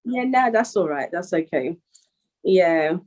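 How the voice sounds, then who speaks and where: A young woman from Northwest London, a rapper, chats casually as an interview guest in a lowish, expressive voice that runs a little slow over background noise. She's laid-back, laughs often, and fills her speech with "you know".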